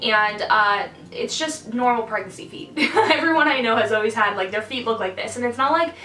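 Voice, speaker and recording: A woman's voice: on the high side, moderate pace, recorded from a distance. Young woman, pregnant, casual vlog chat, lots of "like", echoey room, faint music. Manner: chatty, lots of "like", animated asides. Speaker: vlogger. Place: hot room indoors.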